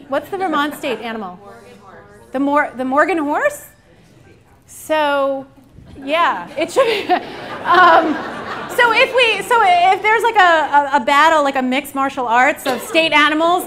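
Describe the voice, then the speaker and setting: A woman giving a conference keynote, telling stories in an animated, joking way. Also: high-pitched. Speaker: keynote speaker. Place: conference hall.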